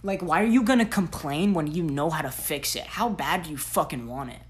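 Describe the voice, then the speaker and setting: Blunt, profane woman with a low voice. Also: a little fast. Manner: blunt, profane, slangy tough-love ranting. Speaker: podcast host. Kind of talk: solo podcast monologue.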